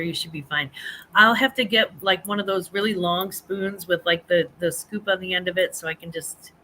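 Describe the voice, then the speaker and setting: A middle-aged woman chats and rambles on her home live stream, laughing often and restarting sentences as she reads comments aloud. Her voice is bright and lively, with a faint hiss of room noise behind her. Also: fairly low pitch. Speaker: host of a live chat stream. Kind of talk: casual live-stream chat reading comments.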